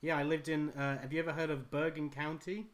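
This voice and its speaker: A man's voice: fairly high pitch, little pitch movement, fairly quick. A British man hosting a live stream, talking in casual chat. He tells rambling, self-deprecating stories. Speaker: stream host, artist.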